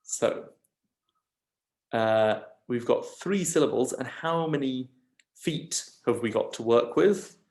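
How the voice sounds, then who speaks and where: Slow, patient male teacher. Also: medium pitch, lively intonation, vocal fry, a little mellow. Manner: slow, patient, stresses syllables one by one. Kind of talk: lecture on scanning Greek verse.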